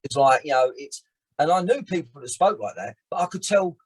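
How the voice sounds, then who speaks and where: A man, chatting as a guest on a podcast, animated and often restarting his sentences. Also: fairly high pitch, fairly quick, breathy edge. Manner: animated, frequent restarts and repeated words. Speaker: actor and filmmaker guest. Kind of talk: casual podcast chat.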